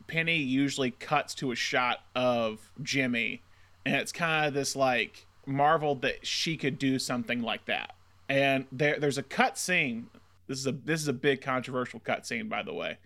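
A man co-hosting a podcast, chatting casually about a film in quick, animated run-on recaps. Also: medium pitch. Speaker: podcast co-host.

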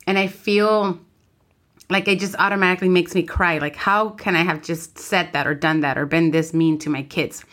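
Lower-voiced woman, candid chat. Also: normal speed. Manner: candid and animated, mixes English and Spanish. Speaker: podcast co-host. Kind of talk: casual chat.

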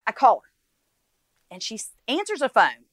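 A woman recounting a traumatic family event, halting and emotional, acting out the voices of others as she speaks. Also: fairly high pitch, huge pitch swings, fairly bright tone, dry recording, rough recording. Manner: halting, emotional, acts out dialogue. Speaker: interviewee recounting a family tragedy. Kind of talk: personal account in interview.

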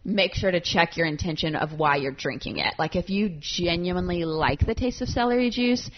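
A young woman with a somewhat low voice chats casually as a podcast co-host, animated and emphatic and quick to laugh. The recording sounds a little dull and muffled. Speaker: podcast co-host who works with clients on food. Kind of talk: casual chat. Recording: slightly dull podcast audio.

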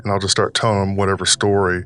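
A man's voice: low-pitched, level tone, quick pace, fairly bright tone, smooth, soft background music. A man putting on a drawling Southern accent as a folksy old grandpa character, rambling casually with lots of fillers. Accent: put-on Southern US. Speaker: podcast host.

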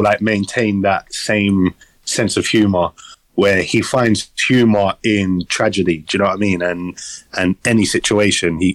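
A young man talks through films in a loose podcast chat, rambling and swearing freely. His voice sits low and the sound is dry and close, as if recorded on a phone. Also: dry recording, rough recording. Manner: rambling, swears casually, many fillers. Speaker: podcast co-host. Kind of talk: casual chat.

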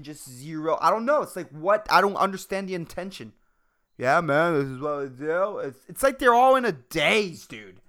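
A man hosting a solo podcast, rambling and swearing casually in a low, soft-spoken drawl, throwing in "man" and "dude". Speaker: podcast host.

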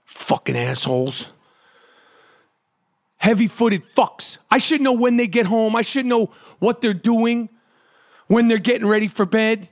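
Profane ranting New man, high voice. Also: steady tone, normal speed. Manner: profane, ranting, yells in bursts. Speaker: podcast host. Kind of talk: profane comedic rant.

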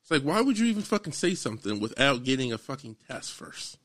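A man in his thirties talks casually with friends on a podcast. His pitch sits in the middle, and he tells his stories with animated energy and plenty of swearing. He also runs the recording as producer. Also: quick pace. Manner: animated, profane storytelling. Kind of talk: casual chat among friends.

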